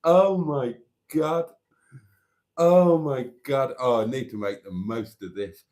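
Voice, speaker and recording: A man's voice: medium pitch, slow, darkish tone. A man hosting a live stream, chatting casually and laughing with delight while reacting to viewer messages.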